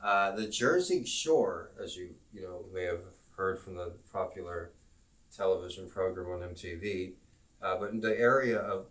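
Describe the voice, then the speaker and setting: Man, online geography teacher, live stream, low voice, rambling and halting, slightly distant mic. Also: a bit bright. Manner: rambling, halting, self-promoting.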